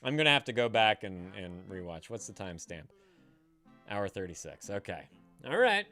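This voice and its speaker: A man's voice: on the low side, big pitch swings, moderate pace, bright, forceful tone, soft background music. A man hosting a live stream, chatting casually with his viewers, swearing freely and laughing often. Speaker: livestream host.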